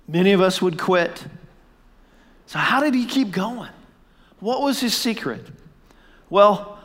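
A man's voice: high-pitched, fairly bright tone. A man preaching a sermon, building to emphatic repeated declarations and leading the congregation in saying a verse back to him. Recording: long hall reverb.

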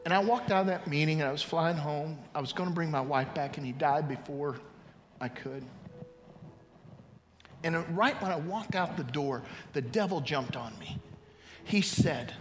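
Man, 50s, pastor, sermon, bright forceful voice, big hall reverb, loud-to-hushed storytelling. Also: fairly high pitch, normal speed. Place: large church hall. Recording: reverberant hall, faint ambience.

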